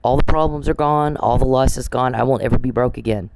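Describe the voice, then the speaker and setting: A man's voice: medium pitch, steady tone, fast, vocal fry, noisy background. A man podcasting alone, scornful and mocking, ranting at an absent person with profanity and repetition. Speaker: podcast host. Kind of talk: angry monologue addressed to an absent person.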